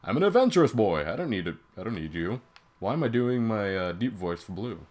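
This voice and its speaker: A young man hosting a casual let's play, goofy and jokey, swinging between mumbles and loud outbursts. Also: on the low side, a little fast. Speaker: game streamer host. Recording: faint game music behind.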